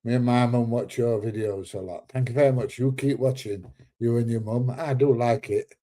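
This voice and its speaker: Chatty man, mellow voice. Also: mid-range voice, fairly even intonation, moderate pace. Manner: chatty, reads viewer comments aloud, loose and rambling. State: recovering from illness, slightly short of breath. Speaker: livestream host. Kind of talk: casual livestream chat.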